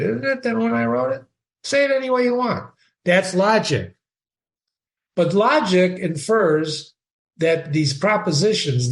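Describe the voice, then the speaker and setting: Older man, slightly high voice, rambling informal literature lecture, talks to himself. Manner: rambling, addresses himself by name. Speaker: host.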